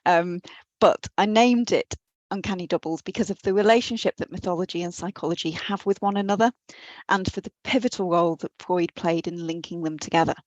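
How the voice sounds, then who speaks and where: A woman delivers an academic lecture in a low voice, earnest and a little self-deprecating, now and then restarting a phrase. The sound is dry and close, as if recorded at her computer. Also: dry recording, rough recording. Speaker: guest lecturer. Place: her office at home or work, on a computer.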